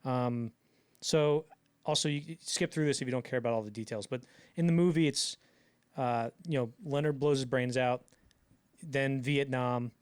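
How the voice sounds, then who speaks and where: A man's voice: mid-range voice, moderate pace, clear, resonant tone. Young man chatting animatedly on a podcast. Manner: animated, acts out quotes in bursts, many fillers. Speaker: podcast co-host. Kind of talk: casual podcast chat.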